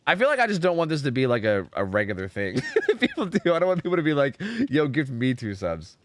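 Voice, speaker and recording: A man's voice: a little high, quick pace, no echo. A man hosting a live game stream, chatting casually and explaining match rules with lots of fillers. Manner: animated, rambling, full of fillers.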